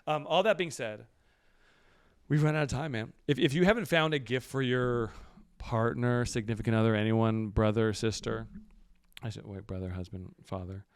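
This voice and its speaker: A man's voice: medium pitch, normal speed, clean tone, no echo, studio quality. A man co-hosting a casual podcast, rambling loosely with lots of restarts, a bit out of breath. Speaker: podcast co-host.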